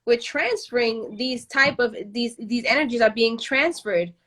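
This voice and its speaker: A woman's voice: fairly high pitch, unhurried, a bit bright. Passionate rambling woman host. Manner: passionate, rambling, many restarts. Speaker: podcast host. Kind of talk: casual podcast conversation.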